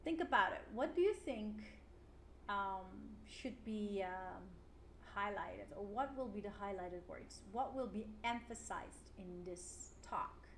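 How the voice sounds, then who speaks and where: A woman teaching an English lesson online, clear and encouraging, with frequent "yeah" fillers. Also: medium pitch, lively intonation, slow. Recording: roomy with faint noise.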